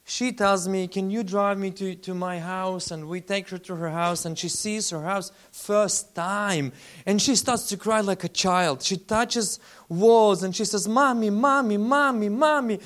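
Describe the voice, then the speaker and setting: A man, a faith-based relief leader giving a lively testimony talk with slides and acting out the people he quotes. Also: high voice, a little slow. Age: 40s. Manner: animated storyteller, acts out quoted voices.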